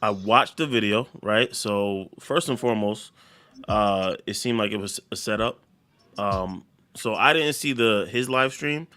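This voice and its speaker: A man co-hosting a casual talk show gives his view slowly and with caution. His voice is fairly low but very bright and forward. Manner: careful, hedging, measured. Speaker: co-host. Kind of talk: casual chat.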